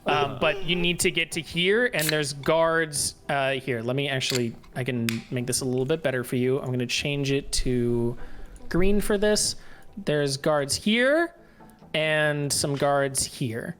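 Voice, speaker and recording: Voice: medium pitch, a little slow, a bit bright, slight background noise. A game master narrating a tabletop fantasy game with plenty of swearing and laughter. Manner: profane, laughs while narrating.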